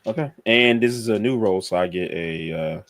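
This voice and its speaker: Low-voiced guy playing a tabletop game, excitable, cusses a lot. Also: normal speed, dry recording. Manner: excitable, laughs and swears freely. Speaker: player. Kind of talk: casual play at a tabletop game.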